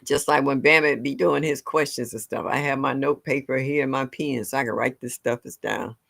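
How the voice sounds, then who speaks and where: A woman's voice: rumbling low, steady tone, normal speed, creaky, a bit bright. A woman hosting a livestream, chatting casually with her viewers and laughing often. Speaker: livestream host. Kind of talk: casual chat with live viewers.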